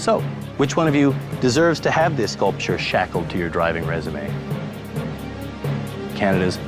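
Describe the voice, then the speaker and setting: A man's voice: deep voice, normal speed. A man hosting a reality show, coaching a nervous driver firmly but reassuringly, then making a formal announcement. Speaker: show host and driving instructor. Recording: loud music behind.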